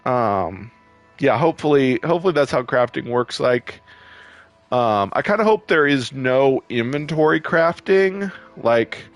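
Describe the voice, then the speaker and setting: A man casually commenting while playing a game, chatty and quick to get irritated, laughing often. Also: medium pitch, lively intonation, faint music behind. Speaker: gameplay video host.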